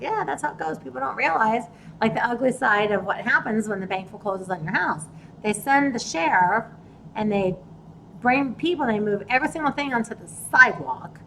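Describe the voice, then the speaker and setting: Woman, real estate investor, casual storytelling, animated, replays conversations, fairly high voice. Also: a little hiss or hum, poor audio. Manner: animated, retells conversations in dialogue.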